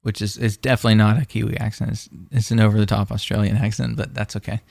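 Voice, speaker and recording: A man's voice: fairly low pitch, little pitch movement, fast talker, gravelly, darkish tone, no room sound. A man co-hosting a podcast in casual chat, rambling with lots of fillers and restarts. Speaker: podcast co-host.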